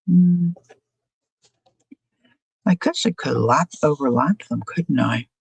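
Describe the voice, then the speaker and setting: Slow, chatty woman crafting live. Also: low voice, gravelly, breathy edge, dry recording, low-quality recording. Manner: chatty, muses aloud, asks viewers questions. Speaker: craft live-stream host. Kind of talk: casual crafting demo, thinking aloud.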